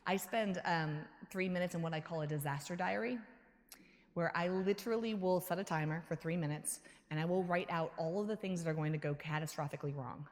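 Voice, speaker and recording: A keynote speaker at a sales conference, a woman with a somewhat low voice. She talks with energy, laughs easily and acts out the voices in her head. Her voice carries a long hall reverb. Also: a little fast, darkish tone. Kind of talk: conference talk answering audience questions.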